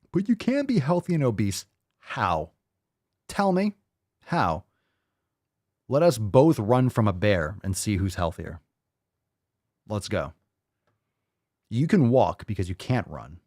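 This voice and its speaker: A man hosting a livestream podcast, talking in a crude, loud and mocking way. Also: fairly low pitch, dry recording, clean studio sound. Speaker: podcast host.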